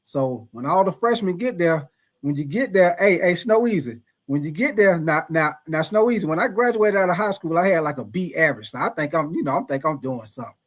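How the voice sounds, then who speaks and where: Man, high voice, animated, profane, laughs a lot, livestream storytelling. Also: fairly quick. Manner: animated, laughing, profane, calls out chat names. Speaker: livestream host. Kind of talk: casual storytelling to live chat.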